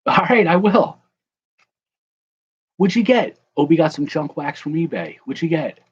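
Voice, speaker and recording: A young man hosts a card-breaking livestream, opening packs while he jokes around and greets chatters by name. His voice sits fairly high and is expressive and slightly rough, delivered at a measured pace, with the highs cut off.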